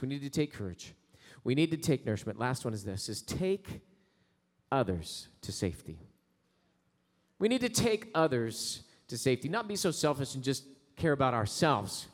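A male pastor preaching a sermon, building to slow, loud, rising prayer passages. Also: medium pitch. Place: church sanctuary. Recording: long hall reverb.

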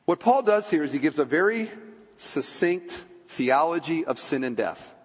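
Husky-voiced pastor preaching in reverb. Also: male voice, lively intonation, normal speed. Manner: conversational preaching with rhetorical questions and asides to the congregation; drops low and quiet for solemn points. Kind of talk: sermon. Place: church sanctuary. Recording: long church-hall reverb.

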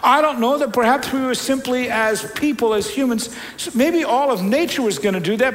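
A man preaching a sermon as a pastor, retelling scripture in a conversational, storytelling way with loud peaks and quiet stretches. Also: very high voice, poor audio.

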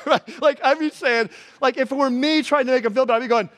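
Man, pastor, sermon, high voice, animated storyteller, long hall reverb. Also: a little fast. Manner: animated storytelling with laughs and acted-out shouts.

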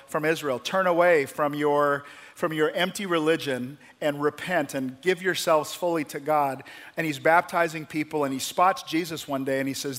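A male pastor preaching a sermon, telling the story with lively, acted-out quotes. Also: a little high. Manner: animated storytelling, acting out voices in quotes.

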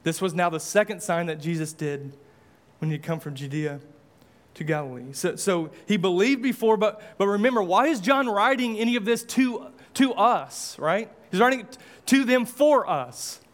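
A man's voice: sits high, expressive, normal speed. A male pastor preaching a sermon, impassioned, with repeated rhetorical questions and casual asides.

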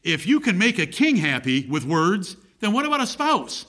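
Middle-aged male pastor, emphatic sermon delivery, somewhat high voice with lively swings in pitch. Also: moderate pace. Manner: emphatic, repeats key phrases, reads scripture aloud. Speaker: preacher.

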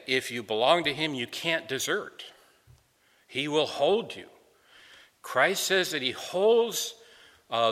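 A man's voice: mid-range voice, sharp tone, big-room sound. A man preaching an earnest expository sermon, often repeating words as he restarts a phrase.

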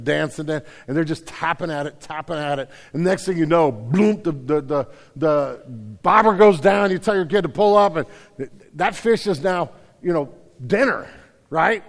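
A man's voice: fairly high pitch, big-room sound. A man preaching a conversational sermon, self-deprecating, with many repeated starts. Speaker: pastor. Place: church hall.

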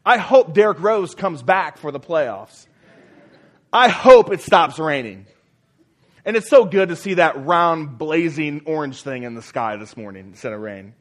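Guy pastor preaching, fairly high voice, punchy, keeps asking the church "you see that?". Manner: emphatic, repeats key phrases for stress; addresses the congregation with questions. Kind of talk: sermon.

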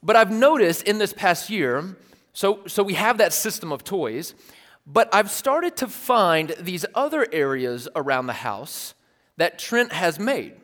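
A man in his thirties preaching a casual, storytelling sermon, animated and self-amused, with lots of "like" fillers. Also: high-pitched, a little slow. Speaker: pastor. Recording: long reverb of a large hall.

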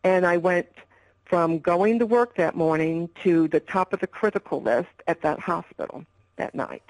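A woman's voice: fairly low pitch, moderate pace, no room sound, rough recording. An older woman, an interview guest, candidly telling her own health story in a rambling way with restarts.

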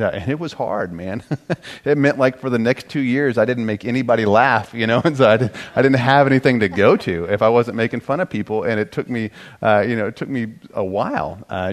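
A middle-aged man with a lowish voice, teaching couples about marriage. He talks casually and jokes at his own expense. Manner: self-deprecating, joking, animated when quoting himself. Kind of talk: conversational teaching talk.

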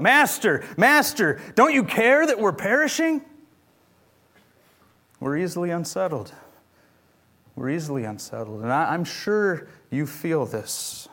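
A man preaching a sermon in church, earnest and pleading, firing off rhetorical questions at his congregation. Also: on the high side. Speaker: pastor.

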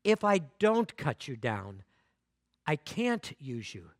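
A man voicing a serious, loving male master of a garden who speaks gravely and tenderly, in a story told in a sermon. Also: sits high, animated, fairly bright tone, dry recording, clean studio sound, voice pushed up, full character voice. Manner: grave and slow, with tender address.

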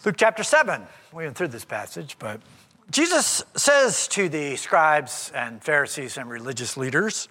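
Lively high-voiced male preacher in a hall. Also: normal speed. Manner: animated and conversational, acts out quoted speech. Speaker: pastor. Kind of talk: sermon.

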